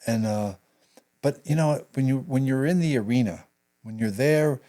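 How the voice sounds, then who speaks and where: An older man telling a personal story in an interview, halting and reflective, his voice trailing off into quiet asides. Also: medium pitch. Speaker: guest, veteran actor and writer.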